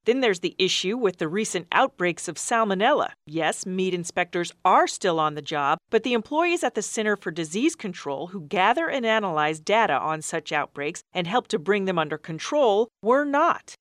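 A woman reporter delivering a scripted radio news package in a brisk, conversational manner. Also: medium pitch, very animated, fairly bright tone, no room sound, studio quality.

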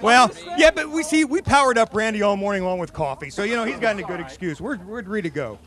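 A man's voice: high voice, expressive, fast talker, a crowd in the background. A man emceeing a contest, giving playful mock-sportscaster commentary and laughing along.

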